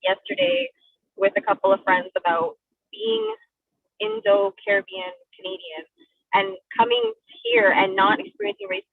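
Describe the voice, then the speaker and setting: A woman's voice: medium pitch, vocal fry, no room sound. A woman from Trinidad telling a personal story on a video call, acting out the voices of the people in it. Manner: animated, acts out voices in her story. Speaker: community discussion participant. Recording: tinny call audio.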